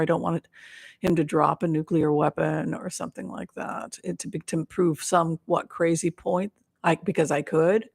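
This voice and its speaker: Earnest gravelly woman reading tarot. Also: fairly low pitch. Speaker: psychic livestream host. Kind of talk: casual livestream tarot reading.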